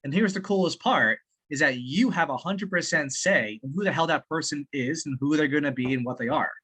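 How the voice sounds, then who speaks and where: A man on a video call giving sales-practice feedback in casual chat, excitable and profane, laughing as he talks. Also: fairly high pitch, a little fast, husky. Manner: excitable, swears often, laughs while talking.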